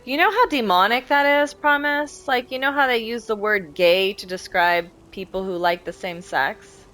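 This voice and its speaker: A woman's voice: a little high, moderate pace, a bit bright, faint music behind, low-quality recording. Woman ranting casually while gaming. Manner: rambling, heated and profane. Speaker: game streamer.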